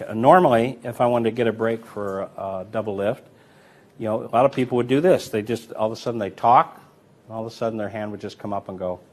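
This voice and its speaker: A man walks through card sleights step by step, talking as he handles the deck. His delivery is relaxed and explanatory, with a teacher's patience. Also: mid-range voice. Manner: relaxed, explanatory, talks while demonstrating. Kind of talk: instructional demonstration.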